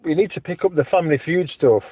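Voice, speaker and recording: A man's voice: fairly high pitch, quick pace, no room sound. A man co-hosting a podcast over a phone call, teasing his friend in a dry, casual way. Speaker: podcast co-host. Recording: tinny phone line, dry.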